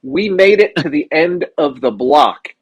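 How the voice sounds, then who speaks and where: Husky man, slightly high voice, profane animated storyteller, podcast co-host. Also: a little slow, no echo. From South Dakota. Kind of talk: casual chat.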